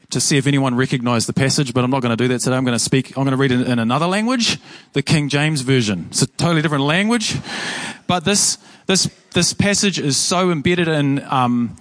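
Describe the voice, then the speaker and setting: A man's voice: mid-range voice, no room sound. A man with a New Zealand accent preaching a sermon as pastor, earnest and emphatic, often restarting and repeating words. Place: church.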